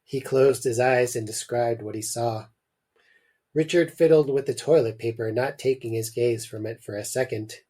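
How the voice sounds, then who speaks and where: A man hosting a podcast, reading a short story aloud with expressive delivery and jokey asides. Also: mid-range voice, moderate pace.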